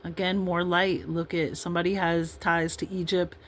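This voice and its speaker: A woman in her fifties from Illinois, USA, gives a casual tarot reading, reading cards aloud and rambling in chatty asides between them. Her lowish voice is flat and moderately paced, on a low-quality recording with slight background noise.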